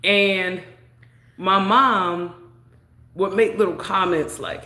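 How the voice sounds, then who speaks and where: A young woman casually telling a personal story in a chatty, drawn-out way, peppered with "you know". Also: mid-range voice, sharp tone. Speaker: vlogger. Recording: echoey room.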